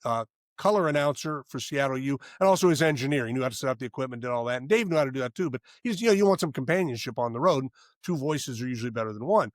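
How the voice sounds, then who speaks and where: A man's voice: mid-range voice, expressive, rapid-fire, no room sound, clean studio sound. A man in his sixties, a former sports radio host, telling rambling stories as a podcast guest, restarting his sentences and laughing as he goes. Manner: rambling anecdotal storyteller, frequent restarts and laughs. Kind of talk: casual storytelling interview.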